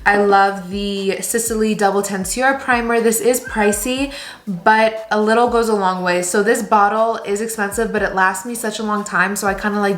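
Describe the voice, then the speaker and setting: At home, a young woman walks through her hair and makeup in a casual get-ready-with-me video, cheerfully recommending product after product. This beauty vlogger speaks at a medium pitch with a fairly bright tone, and the space sounds reverberant.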